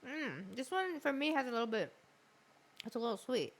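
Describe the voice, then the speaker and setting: A woman's voice: on the high side, sing-song, normal speed. A young woman hosting a stream, telling a crude story with lots of laughing and swearing. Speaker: streamer host. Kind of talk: casual stream chat.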